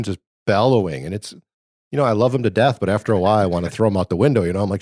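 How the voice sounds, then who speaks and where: Rambling, low-voiced male podcast host. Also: animated, quick pace, darkish tone, dry recording, clean studio sound. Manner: rambling, laughing storyteller. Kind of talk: casual podcast chat. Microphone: remote call setup.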